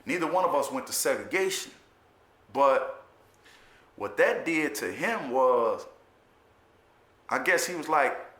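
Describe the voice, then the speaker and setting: A middle-aged man recounting his years inside in blunt, profane street talk, hammering his points home by saying them again and again. His voice is bright and forceful and sits at an average pitch. The sound carries a noticeable echo from the room. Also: very animated, takes it slowly, pauses often. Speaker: former prisoner telling his story. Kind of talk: personal storytelling to camera.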